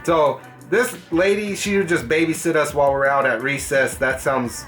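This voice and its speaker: A man's voice: a little high, normal speed, few pauses, soft background music. Young man telling a profane story. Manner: profane, animated, puts on voices in quotes. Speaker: gaming channel host. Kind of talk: casual storytelling vlog.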